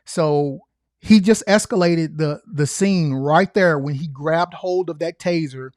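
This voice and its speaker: A man's voice: a little high, measured pace, darkish tone, no echo. A man who is a former state trooper giving earnest, emphatic reaction commentary, repeating his key points.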